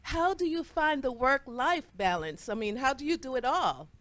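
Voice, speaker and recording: A woman's voice: high voice, expressive, moderate pace, fairly bright tone, dry recording. A woman co-host asking a guest questions, building up earnestly to each one. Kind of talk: interview questions.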